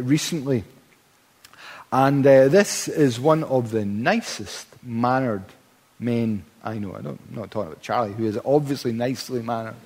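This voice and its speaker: A man's voice: medium pitch, darkish tone. A man preaching a sermon in a church, emphatic, building to fervent peaks with stammered restarts. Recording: long hall reverb.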